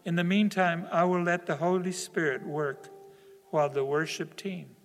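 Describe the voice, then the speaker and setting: A male pastor preaching a sermon and giving an altar call, slow and emphatic, his voice swelling and then dropping low. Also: steady tone, faint music behind. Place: church sanctuary. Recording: long reverb of a church sanctuary.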